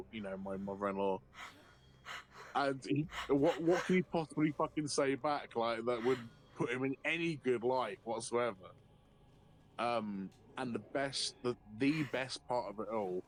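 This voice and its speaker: A man streaming a game, telling a long anecdote in a profane, animated way and often laughing. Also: mid-range voice, slight background noise. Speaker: livestreamer. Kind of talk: casual storytelling while gaming.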